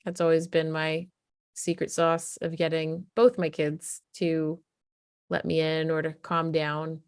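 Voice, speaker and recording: This woman, a parenting coach, talks casually and emphatically to camera, acting out things a parent would say to a child. She speaks a little slowly in a low, smooth, level voice, captured as clean studio sound without echo.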